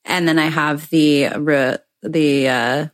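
A woman's voice: deep voice, fairly even intonation, slow pace. A young adult woman co-hosting a podcast in casual chat, candid and effusive, swearing freely. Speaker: podcast co-host.

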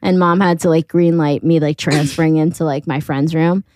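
A woman's voice: low voice, moderate pace, no room sound. Laughing, foul-mouthed woman podcast host. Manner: animated, laughs often, swears freely. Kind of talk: casual storytelling chat.

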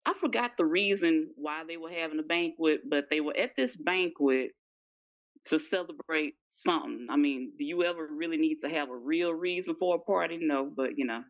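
A woman with a very low voice chats as a podcast guest. She talks in a relaxed, slangy way, and the recording sounds dull and lo-fi. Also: moderate pace. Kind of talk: casual chat.

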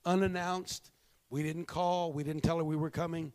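A male pastor preaching a sermon, telling a story and moving between hushed, slow moments and emphatic bursts. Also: on the high side, little pitch movement.

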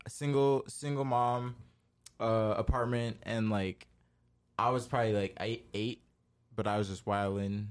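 A young man co-hosting a casual podcast, telling a story haltingly with many pauses and fillers. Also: lowish voice, steady tone, clean tone. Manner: halting, many likes and restarts. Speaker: podcast co-host.

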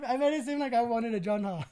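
A young woman co-hosting a podcast in casual chat, slangy and quick to laugh. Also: on the high side, noisy background. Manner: chatty, laughs often, slangy. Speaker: podcast co-host.

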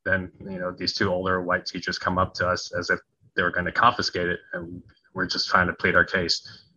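A man with a sharp, forceful voice and a low-set pitch tells stories as a podcast guest, acting out the people he quotes and laughing at himself. He grew up in Wisconsin and Tennessee. His audio is dull and lo-fi, like a remote line. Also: a little fast, husky. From United States (Wisconsin, then Tennessee). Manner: animated storyteller who acts out quoted voices and laughs at himself. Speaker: guest, conflict resolution coach. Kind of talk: podcast interview storytelling.

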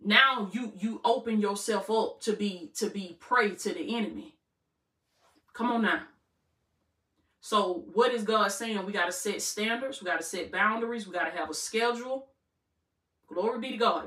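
Brief: woman life coach, preacher-style motivational talk, bright tone, roomy distant sound. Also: medium pitch, normal speed. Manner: preacherly, repetitive call-and-response. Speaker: life coach and channel host. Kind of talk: faith-based motivational talk. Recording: roomy room, distant mic.

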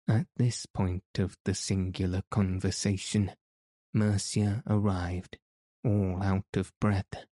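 A man reading a novel aloud as an audiobook narrator, in a measured, even manner. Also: deep voice, dry recording. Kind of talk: scripted narration.

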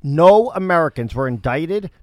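A man's voice: fairly high pitch, lively intonation, moderate pace, darkish tone. A man hosting a podcast, arguing insistently in a heated political debate and repeating his points. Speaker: host.

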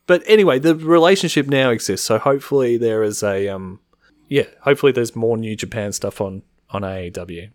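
A male podcast co-host chatting casually, with frequent laughter and some cursing. His voice sits at an ordinary middle pitch, recorded close and dry with no room sound. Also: a little fast, no echo. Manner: laughs often, swears, acts out quoted voices. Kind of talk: casual wrestling podcast chat.

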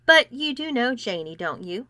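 A woman's voice: on the high side, very animated, normal speed, sharp tone, no room sound, clean studio sound, pitched above the performer's own voice. A woman voicing a confident, protective teenage girlfriend in a storybook reading, firm and insistent.

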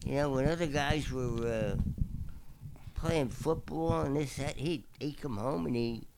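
Gravelly older man, halting. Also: mid-range voice, darkish tone, slight background noise. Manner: halting, repeats words. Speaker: guest, father of a host. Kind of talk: casual chat.

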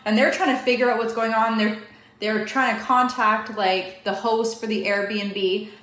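A young woman from Canada, a guest telling a story in a casual, animated way, quick and full of "like" fillers. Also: a little high. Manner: fast, animated, many "like" fillers. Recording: echoey room.

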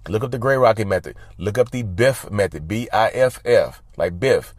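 A man's voice: fairly low pitch, lively intonation, normal speed, no echo, studio quality. A man talking casually to his viewers, giving advice in an emphatic, repetitive way and often calling them y'all. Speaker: advice vlogger. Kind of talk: casual talk to camera.

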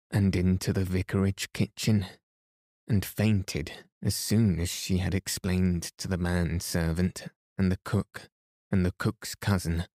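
A man reading a children's story aloud as a calm bedtime read, soothing and even, lightly voicing the children. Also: deep voice, dry recording, clean studio sound. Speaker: podcast host and bedtime story reader.

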